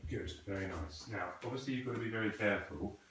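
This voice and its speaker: Low-voiced male krav maga instructor, echoey. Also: fast, background noise. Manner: patient, corrective, asks the student questions. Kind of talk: coaching a student in a class. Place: training hall. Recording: echoey room, voice from a distance.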